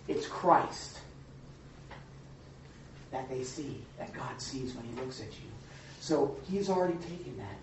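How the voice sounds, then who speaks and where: A man leading an informal Bible study, teaching in a rambling, halting way with many restarts and fillers. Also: a little high, slight background noise. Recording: distant, echoey, lo-fi room recording.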